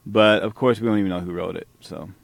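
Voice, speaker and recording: A man's voice: lowish voice, fast, creaky. A man hosting a podcast, reacting to a played talk with heated, profane, sarcastic commentary. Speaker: podcast host.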